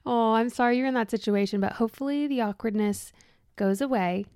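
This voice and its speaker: A woman's voice: on the high side, brisk, darkish tone, clear, resonant tone, dry recording, clean studio sound. A woman co-hosting a podcast in casual chat, talkative, laughing often and reading listener stories aloud. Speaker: podcast co-host.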